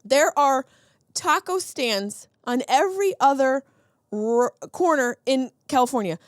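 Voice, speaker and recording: A sarcastic woman in her thirties hosts a comedic podcast, riffing on odd news. Her voice sits a little high and animated in pitch. She is recorded close and dry, with no room sound. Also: a little slow, no room sound. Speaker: podcast host. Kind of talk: comedic solo podcast monologue.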